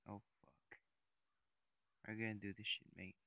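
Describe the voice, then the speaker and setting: A man's voice: on the low side, little pitch movement, a little slow, bright, forceful tone, no echo. A young man giving casual, profane, rambling commentary while playing a survival game. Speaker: gamer. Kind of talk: casual Let's Play commentary.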